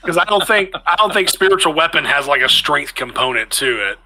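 A man's voice: fairly high pitch, animated, brisk, bright, forceful tone, rough recording. A man narrating as game master of a tabletop game, chatty and restarting phrases as he describes the action.

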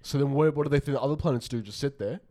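A man's voice: medium pitch, rapid-fire, dark tone. A young Australian man co-hosting a podcast, chatting casually and often reacting with sweary disbelief. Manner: incredulous, swears in surprise. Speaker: podcast co-host. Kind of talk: casual chat.

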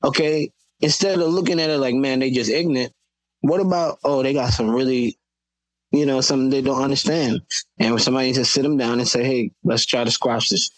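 A man's voice: mid-range voice, a little fast, no room sound, low-quality recording. A man from Florida, a guest on a podcast, tells his stories with animation and acts out the people he quotes. His voice sits in the middle of the usual range. The sound is close and dry, with no room around it. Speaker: guest, Christian hip hop artist. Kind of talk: casual podcast conversation.

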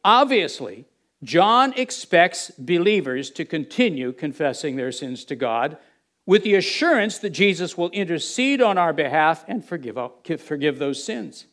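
Preacher, male, high voice, speaks to a congregation with rhetorical questions, hushed asides. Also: big pitch swings, measured pace. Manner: drops to a low murmur for quoted dialogue, rises for emphasis. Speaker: pastor. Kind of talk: sermon.

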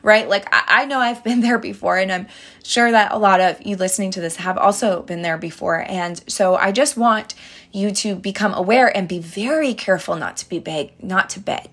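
A woman's voice: mid-range voice, moderate pace, fairly bright tone. A young woman talks straight to her listeners like a big sister giving dating advice. She is chatty and earnest, with plenty of fillers and restarts as she tells her stories. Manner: earnest, addresses listeners directly as girls. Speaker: dating advice podcast host. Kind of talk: casual advice monologue.

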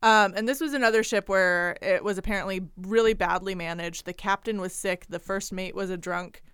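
A woman's voice: medium pitch, fairly quick, a bit bright, clean tone, dry recording. A young woman co-hosting a podcast, chatting casually and giggling as she retells a writer's life story on a close mic. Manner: chatty, giggly, lots of fillers. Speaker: podcast co-host. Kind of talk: casual chat, retelling history.

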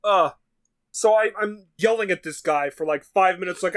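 A man telling a frustrated story in casual chat, animated and swearing, acting out what people said. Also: sits high, normal speed. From New York. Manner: animated, swearing, acts out quotes. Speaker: podcast co-host.

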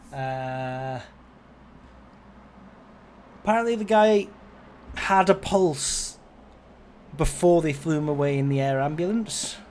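Man in his forties telling a story. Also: a little hiss or hum. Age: 40s. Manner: rambling, conversational, lively swings in pitch and loudness. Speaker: podcast host. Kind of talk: casual storytelling.

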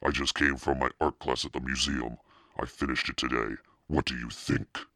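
A man reading aloud, voicing an energetic, insistent mother who talks briskly. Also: extremely low pitch, dry recording, studio quality. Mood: proud. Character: energetic, fast-talking artist mother.

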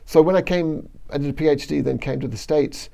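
A middle-aged Australian man with a strongly gravelly, dark and mellow voice talks in a loose, chatty way. As a professor in an interview he laughs often and breaks off to restart his sentences. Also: fairly high pitch, a little fast. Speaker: plant biology professor. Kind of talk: relaxed interview conversation.

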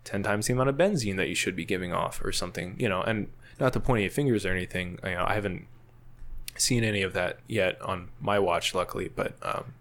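A man's voice: low-pitched, fast, fairly bright tone. A man guesting on a podcast, telling a casual story full of fillers and frequent laughs. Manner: rambling, laughs often, many fillers. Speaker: guest, field scientist.

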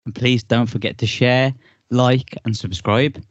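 A man's voice: mid-range voice, fairly even intonation, measured pace, dry recording. A man co-hosts a casual podcast and jokes his way through a quiz, keen to win. His voice sits in a middle range. The recording is dry and a bit dull. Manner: joking, competitive. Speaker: podcast co-host and quiz contestant.

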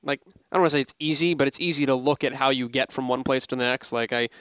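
A man interviewing a guest, asking long questions with halting restarts. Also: medium pitch, fairly bright tone, smooth, no echo. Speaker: podcast interviewer.

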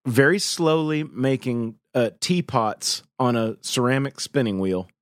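A man co-hosting a casual podcast chat, talking in a rambling, halting way. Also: medium pitch, no room sound, studio quality. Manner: rambling, halting, with many restarts. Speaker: podcast co-host. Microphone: remote call microphone.

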